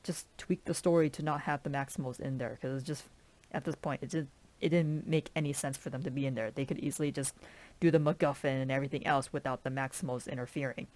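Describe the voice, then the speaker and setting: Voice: medium pitch, steady tone, quick pace, darkish tone. A film reviewer ranting casually, filling every sentence with "like" and sounding fed up with the movie's choices. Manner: rambling, heavy use of "like"; exasperated, complaining.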